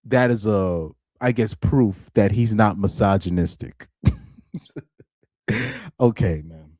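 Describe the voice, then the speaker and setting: A man's voice: on the low side, slow, a little mellow, dry recording, clean studio sound. A young man on a live stream reacting to articles, laughing often, repeating himself and restarting his sentences in casual chat.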